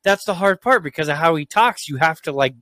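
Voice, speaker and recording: A man's voice: a little high, lively intonation, fairly quick, a bit bright, dry recording. A man co-hosting a podcast in casual, crude banter, cursing freely, rambling and laughing at his own stories. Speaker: podcast co-host.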